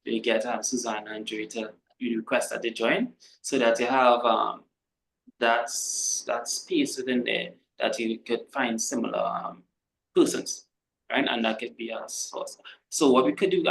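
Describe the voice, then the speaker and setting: Gravelly male webinar moderator. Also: mid-range voice, rough recording. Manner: practical, hesitant with fillers. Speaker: workshop moderator. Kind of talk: webinar answer. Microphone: video call.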